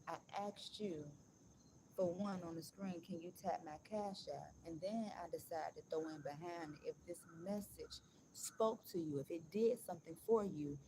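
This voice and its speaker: A woman's voice: fairly low pitch, background noise. Blunt, emphatic woman vlogger. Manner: blunt, emphatic, swears freely; slows down to read aloud with emphasis. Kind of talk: casual motivational rant to viewers.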